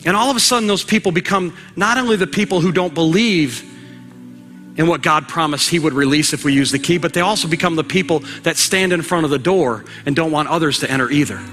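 A male pastor preaching a sermon with emphatic exhortation, sometimes rising to a shout, in a church. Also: fairly high pitch, brisk, faint music behind. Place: church sanctuary.

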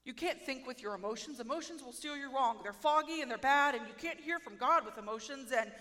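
A woman preaching a sermon in a playful, self-mocking, animated way. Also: high-pitched, fairly quick, big-room sound.

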